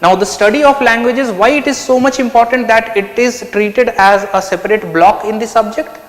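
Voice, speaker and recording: Male teacher, explanatory, high-pitched, echoey room. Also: moderate pace, a bit bright. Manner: explanatory, asks and answers his own questions. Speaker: anthropology teacher. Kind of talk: online lecture.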